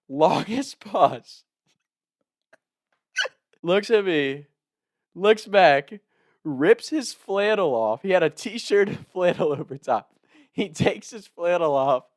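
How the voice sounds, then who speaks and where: A young man spins a wild story in a loose, casual way, his voice sitting a little on the high side. He laughs often and breaks into loud shouts whenever he acts out what someone said. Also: measured pace. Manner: animated, laughing, shouts quoted lines.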